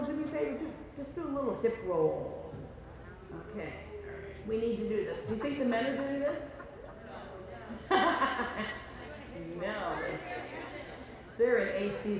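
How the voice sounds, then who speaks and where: A woman leading a choir rehearsal, chatty and joking, who sings rhythms on syllables and counts the singers in. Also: medium pitch. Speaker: choir conductor. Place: large rehearsal hall. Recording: echoey hall from far off, with music.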